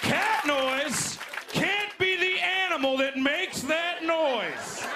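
A man in his twenties doing a stand-up set, animated and jumping into loud put-on voices. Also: very high-pitched, slow pace, very noisy. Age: 20s. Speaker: stand-up comedian. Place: comedy club stage. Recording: live club recording with crowd laughter. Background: audience laughing.

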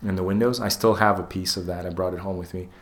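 This podcast co-host has a deep voice and talks quickly. Spinning a story on his casual show, he curses constantly and performs the quoted lines in character, full of energy.

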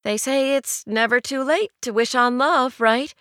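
A woman's voice: high voice, a little slow, fairly bright tone, smooth, no room sound, studio quality, pitched above the performer's own voice. A woman narrator voicing a sheepish, hopeful woman in an audiobook. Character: lonely woman wishing at a fountain, hopeful.

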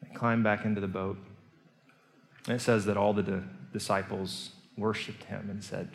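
A male pastor preaching a sermon, telling the story earnestly and moving between hushed and emphatic delivery. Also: on the low side, little pitch movement, moderate pace, gravelly. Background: soft guitar music.

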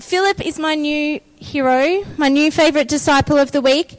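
A woman preaching a sermon, energetic and exhorting, often calling out for an amen. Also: sits high, moderate pace, hardly any pauses, rough recording.

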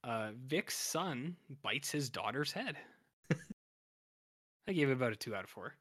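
A man co-hosting a podcast gives a rambling, casual episode recap, heavy on fillers and restarts. His mid-range voice is animated and fairly bright, and he talks a little slowly. The studio sound is clean, with no echo.

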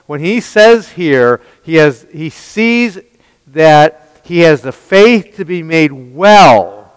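Emphatic preacher man, smooth voice. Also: a little high, lively intonation, slow pace, no room sound, in a large hall, poor audio. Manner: emphatic, asks the listeners rhetorical questions. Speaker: pastor. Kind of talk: expository sermon.

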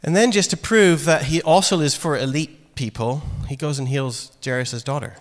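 A man preaching a sermon in a casual, animated way, acting out quoted lines. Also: fairly high pitch, moderate pace. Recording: long hall reverb.

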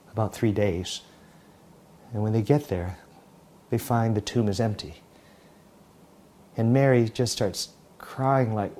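Male preacher, warm and mellow, dramatic storyteller in a sermon. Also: mid-range voice. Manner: storytelling, dramatic retelling with many restarts. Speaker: pastor.

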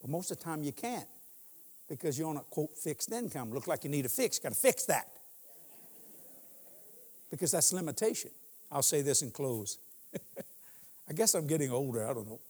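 Husky-voiced preacher in his sixties. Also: fairly high pitch, sing-song, normal speed, long pauses, darkish tone, in a large hall. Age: 60s. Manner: humorous storytelling, laughs often. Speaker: guest preacher. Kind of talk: sermon. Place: church.

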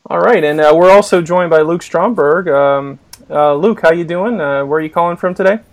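Gravelly hesitant podcast host man. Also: a little high, moderate pace. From Boston area. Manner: hesitant, many fillers. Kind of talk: casual discussion, video call.

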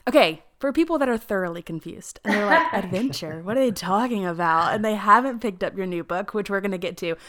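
A woman with a light Southern accent hosting a faith podcast, talking in a soft, soothing, relaxed way. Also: medium pitch, brisk, few pauses. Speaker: podcast host. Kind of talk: casual faith podcast chat.

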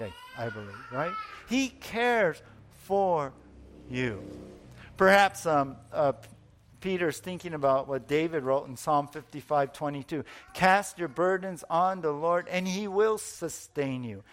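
Earnest preacher man, slightly high voice. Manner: earnest, repeats words, drawn-out emphasis. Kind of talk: sermon.

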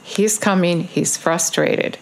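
A woman delivers an informal video sermon, her voice sitting low with a gravelly fry. She presses her points with earnest repetition and often pauses on an um. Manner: earnest, repetitive exhortation with frequent ums. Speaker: online preacher.

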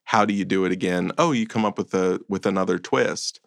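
A man's voice: low-pitched, creaky, no echo, clean studio sound. A man co-hosting a podcast, reviewing films in casual chat with a blunt, exasperated manner. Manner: blunt, exasperated, quick asides. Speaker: podcast co-host.

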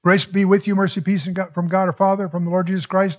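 A man's voice: high voice, quick pace. An older man teaching through a Bible passage verse by verse, reading scripture aloud and asking his listeners questions in a conversational way. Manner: conversational, asks the audience questions.

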